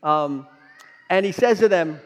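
In a church sanctuary, his words echoing with long hall reverb, a pastor preaches a little slowly in a high-sitting voice. His sermon is emphatic and quizzes the congregation through rhetorical questions.

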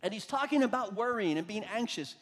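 A pastor preaching a sermon, swinging from loud emphasis to hushed, soft lines. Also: male voice, sits high, animated, a little fast, long reverb tail.

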